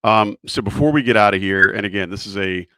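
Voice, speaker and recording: Deep-voiced guy hosting a podcast, laid back, asks loose questions, dry close sound. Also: fast, bright, forceful tone, clear, resonant tone, dry recording. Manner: easygoing, chuckles, asks loose open questions. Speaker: podcast host. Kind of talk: casual podcast chat.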